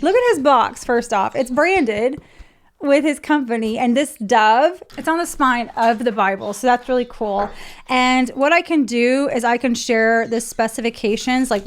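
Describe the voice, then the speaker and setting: A woman chatting casually through an unboxing, emotional and gushing, near tears at times. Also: a little high. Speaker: vlogger.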